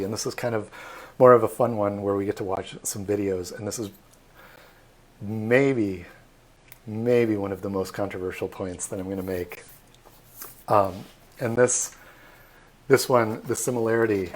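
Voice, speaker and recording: A man's voice: lowish voice, a little hiss or hum. A man tour guide giving a live online virtual tour, chatty and self-deprecating with plenty of fillers.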